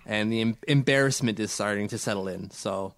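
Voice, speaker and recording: A podcast co-host with a fairly low, bright voice talks a little fast in a casual chat, with no echo on the recording. He rambles and jokes at his own expense.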